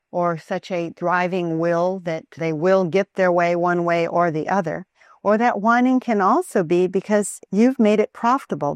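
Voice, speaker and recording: A mother giving a calm, earnest talk that teaches parents how to train their children in Christian character. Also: on the low side, no echo, clean studio sound.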